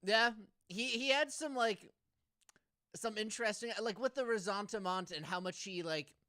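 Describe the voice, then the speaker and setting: Podcast co-host, male, higher pitched, crisp tone, playful and goofy. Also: moderate pace, pushed and bright, no room sound, clean studio sound. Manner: playful, puts on silly mock accents. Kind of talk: casual chat.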